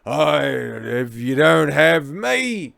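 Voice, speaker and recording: A loud, boastful drunk Englishman slurs and swaggers through every line in a patchwork English accent, as a man puts him on. The voice is gravelly, and the recording is dry and close. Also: on the high side, very animated, extremely slow, no room sound, voice pushed up, full character voice. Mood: drunk boasting. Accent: mixed English accents, put on. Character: drunk slurring British man, brash and boastful.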